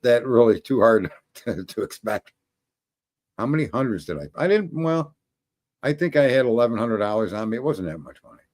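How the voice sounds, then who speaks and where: Man, casual rant, rambling, swears freely, chuckles at his own jokes, plain mid-pitched voice. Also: a little mellow. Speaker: show host.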